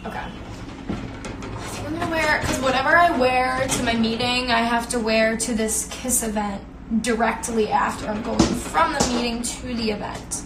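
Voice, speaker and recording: A young woman, a beauty influencer, chats casually on a phone live stream, talkative and giggly, with many fillers. Her voice is a little high and steady in tone at normal speed. Background noise is present, and the room echoes with faint ambience.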